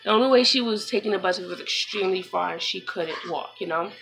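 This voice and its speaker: A woman's voice: mid-range voice, creaky, over loud music, rough recording. Subdued young woman vlogging at home. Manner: subdued, halting, with many fillers. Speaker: vlogger, mother. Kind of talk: casual personal vlog.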